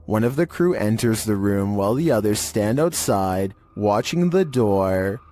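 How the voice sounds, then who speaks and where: A man narrating creepy internet videos in a steady, monotone scripted delivery. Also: fairly low pitch, unhurried.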